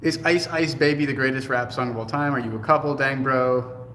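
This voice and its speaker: A man's voice: medium pitch, fairly even intonation, a little fast, a bit bright. Laid-back joking man in an echoey room. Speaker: co-host. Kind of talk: casual livestream chat reading comments. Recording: echoey room with faint noise.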